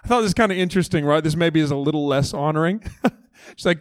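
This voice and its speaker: A man's voice: a little high, fast, dry recording. A man in his thirties, a lead pastor preaching a conversational sermon from a church stage. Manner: conversational and animated, acting out voices of the story.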